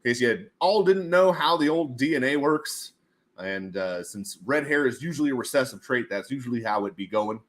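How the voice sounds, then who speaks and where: A man's voice: medium pitch, animated, moderate pace. A man hosting a casual livestream, rambling and joking and laughing often between his remarks. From United States. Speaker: livestream host.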